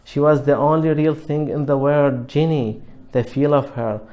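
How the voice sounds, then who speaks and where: A man reading a novel aloud in a measured narration with small restarts. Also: a little high, fairly even intonation, dark tone. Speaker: reader.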